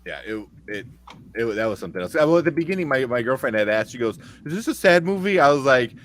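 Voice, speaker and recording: A man's voice: medium pitch, fast talker, slight background noise. A man co-hosting a live movie review show, talking casually with lots of swearing and acting out scenes he enjoyed. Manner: animated, swearing, acts out scenes.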